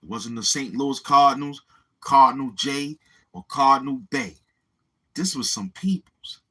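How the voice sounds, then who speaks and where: A YouTube livestreamer talks straight to his viewers, rambling and swearing in a casual chat. His voice is medium-pitched, unhurried, and a bit bright, on a rough recording.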